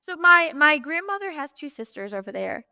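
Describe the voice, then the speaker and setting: A woman's voice: sits high, very animated, normal speed, bright, forceful tone, dry recording, studio quality. A woman hosting a casual interview, chatty and enthusiastic with gushing reactions. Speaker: host.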